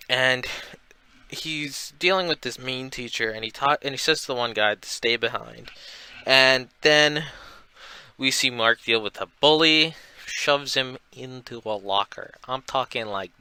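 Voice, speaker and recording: Bright, casual young man recapping a comic. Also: mid-range voice, clean tone, no room sound, rough recording. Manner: retells scenes with loose quoted dialogue, many fillers. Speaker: comic book reviewer.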